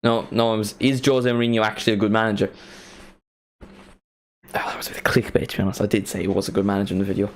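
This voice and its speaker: A young man casually commentating a live football watchalong, chatting and bursting into excited reactions. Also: fairly low pitch, fast, long pauses. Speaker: streamer hosting a match watchalong.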